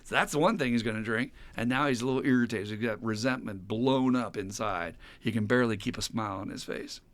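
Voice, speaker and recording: A man hosting a podcast, telling stories in a casual, animated and profane way. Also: mid-range voice, quick pace. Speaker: podcast host. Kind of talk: casual chat.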